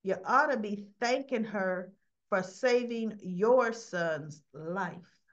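A woman's voice: mid-range voice, slow pace, close to an everyday voice. Scolding protective mom, a woman plays her, lo-fi sound. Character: protective sharp-tongued mother.

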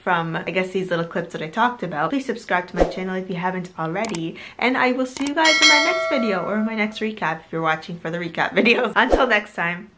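A woman chatting casually as she recaps a reality show, full of "like" and quick to laugh. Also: mid-range voice, expressive, heavy background noise. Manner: chatty, lots of "like", laughs easily.

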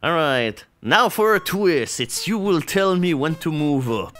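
A man's voice: a little high, expressive, unhurried, a bit bright, faint music behind. A man hosting a party-game tournament on stream, chatting casually, laughing often and hamming up the game announcements.

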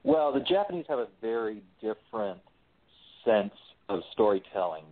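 A man in his forties, a screenwriter and voice actor, chatting casually as an interview guest, relaxed and full of restarts. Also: fairly low pitch, moderate pace. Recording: tinny phone line.

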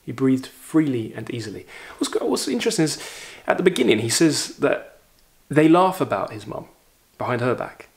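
A man's voice: medium pitch, normal speed, gravelly. Man reading a story aloud expressively. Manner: expressive reading, raises voice for quoted lines, reflective asides. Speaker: literature teacher reading aloud.

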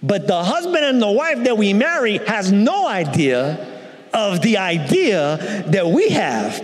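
A man's voice: sits high, sing-song, unhurried. A man preaching a sermon as pastor, casual, playful and conversational, on a church stage. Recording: long reverb in a large church hall.

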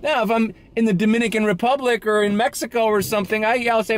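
A man's voice: sits high, steady tone, quick pace. Young guy with a bit of a latino accent ranting from his car, blunt and sweary, faint car hum. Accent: Latino-accented English. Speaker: food delivery driver. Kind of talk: casual rant vlog.

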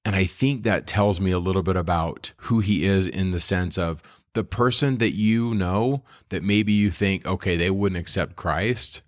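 A man's voice: deep voice, normal speed, hardly any pauses, dry recording, studio quality. A man co-hosting a casual scripture discussion, retelling stories earnestly and with enthusiasm. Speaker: podcast co-host.

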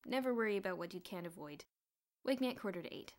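A woman voicing a bold, quick-thinking schoolboy leader in an audiobook, urgent and commanding. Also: medium pitch, expressive, close to an everyday voice. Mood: steady. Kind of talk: audiobook character voice.

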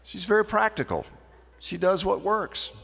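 A man's voice: high-pitched, unhurried, vocal fry, breathy edge. A man giving a folksy, anecdotal after-dinner speech as a guest speaker at a banquet. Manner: folksy storyteller, lively and animated. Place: banquet hall. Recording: echoey banquet hall.

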